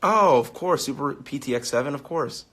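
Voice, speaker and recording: A young man in his late twenties talks casually into his phone on a live stream, reading out fan questions. He is upbeat and chatty, laughs easily and fills pauses with ums, at a mid pitch. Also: expressive, a bit bright. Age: 20s.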